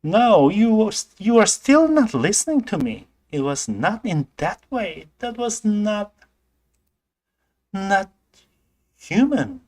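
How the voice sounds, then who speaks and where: A man's voice: high-pitched, very animated, slow pace, a little mellow, pitched above the performer's own voice, full character voice. A man doing an upset young woman Go player. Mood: insistent. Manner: pleading, insistent. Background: background music.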